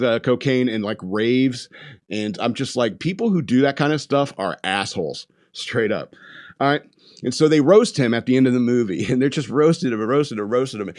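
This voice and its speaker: A man hosting a podcast, casually retelling a movie in a rambling way, laughing often and acting out quotes. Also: medium pitch. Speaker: podcast host. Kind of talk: casual movie review rant.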